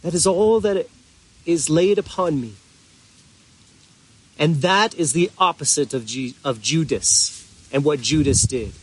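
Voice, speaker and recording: A man preaching a sermon as pastor, earnest and deliberate, with drawn-out pauses for emphasis. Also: a little high, slightly rough.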